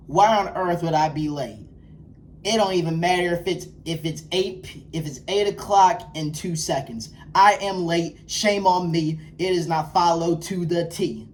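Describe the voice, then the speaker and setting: A man acting as a self-styled life coach, giving a motivational lecture to camera in a preachy, scolding, emphatic way. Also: on the high side. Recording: distant mic with faint background noise.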